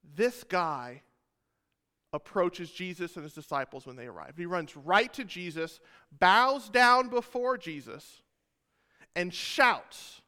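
Male pastor, high clear voice, casual sermon with jokes, long church reverb. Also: expressive, slow, sharp tone. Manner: casual, joking asides to the congregation. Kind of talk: sermon with scripture retelling.

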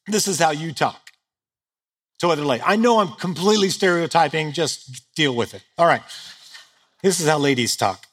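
Fairly quick and lively in intonation, this pastor's slightly high voice has a fairly bright tone and a breathy edge. He preaches to a live audience from a stage, keeping things humorous and conversational while teasing himself.

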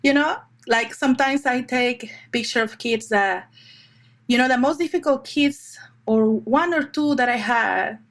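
Brief: middle-aged woman, higher-pitched voice, animated storyteller, photographer in a chatty interview. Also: unhurried. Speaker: fine art children's photographer. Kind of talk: conversational interview.

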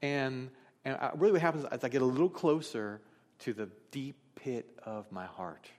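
A man's voice: medium pitch, normal speed, darkish tone. Middle-aged pastor guy giving a sermon, chatty and honest, sounds like a big echoey church hall. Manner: conversational, candid storytelling. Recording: long reverb of a large hall.

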